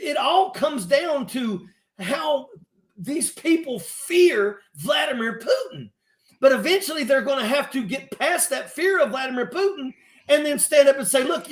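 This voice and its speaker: High-voiced man in an echoey room. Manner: earnest, hesitant, repeats himself. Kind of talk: casual political chat. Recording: roomy echo.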